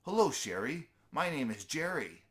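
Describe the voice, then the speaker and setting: A man's voice: on the high side, sing-song, moderate pace, a bit bright, voice pushed up. A man voicing a polite, hungry young male squirrel who asks eager, slightly wary questions. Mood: earnest.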